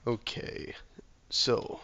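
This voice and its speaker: A hoarse, ill man talking himself through a game, often muttering softly or near a whisper. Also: drawn-out words, lo-fi sound, slight background noise. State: hoarse from illness. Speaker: gameplay video maker. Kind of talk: relaxed gameplay commentary.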